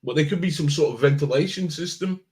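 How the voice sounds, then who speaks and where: Easygoing male co-host, casual chat, slightly higher voice. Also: fast, a little mellow.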